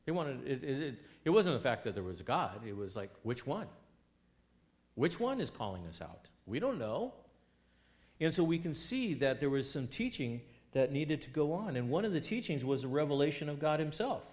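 Rhetorical questions to his listeners punctuate this man's sermon as he reads scripture aloud in a mid-range voice. He shifts between loud, emphatic passages and quieter asides.

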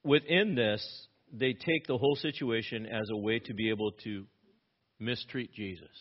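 A man preaching an expository sermon, asking rhetorical questions and acting out quoted lines with sudden rises in pitch and loudness. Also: moderate pace. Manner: animated, rhetorical questions, acts out quotes with rising pitch and volume. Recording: slightly dull lo-fi sound.

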